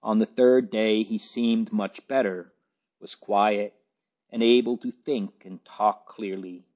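A man reading a novel aloud as an audiobook narrator, in a measured, even storytelling manner. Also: fairly low pitch. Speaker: audiobook reader. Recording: dull lo-fi recording.

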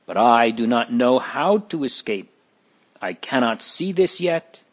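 Male narrator doing a frightened, burdened father; slow, pleading storybook voice. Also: medium pitch, expressive. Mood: despairing. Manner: desperate, pleading. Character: anguished father with a heavy burden.

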